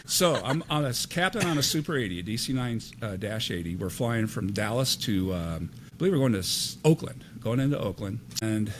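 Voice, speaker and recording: A man's voice: lowish voice, brisk, slight background noise. An older man, a retired airline captain, telling stories in a casual podcast interview and acting out the dialogue. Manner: animated anecdote teller, acts out quoted dialogue.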